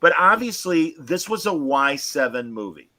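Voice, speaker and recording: A man's voice: a little high, sing-song, moderate pace, pushed and bright. A man co-hosting a casual film review chat, talking emphatically and restarting his sentences often. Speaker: podcast co-host.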